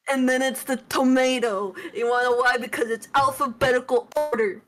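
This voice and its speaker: Giggly high-voiced woman from Michigan. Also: a little fast, over a noisy crowd. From Michigan, USA. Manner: silly, animated, laughs often, swears. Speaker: guest on a stream. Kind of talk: casual stream chat.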